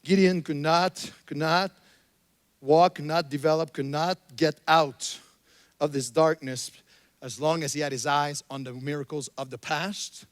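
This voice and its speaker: Middle-aged male pastor, high-pitched, fiery sermon delivery, dry close sound. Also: steady tone, a little slow, dry recording. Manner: emphatic preaching, swings from soft storytelling to shouted exhortation. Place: church sanctuary.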